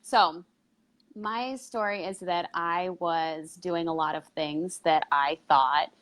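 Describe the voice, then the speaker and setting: A woman's voice: on the low side, fairly even intonation, slow, fairly bright tone. A woman co-hosting a live health stream, speaking conversationally with some hesitations. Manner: conversational, hesitant with fillers and restarts. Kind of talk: casual live video talk.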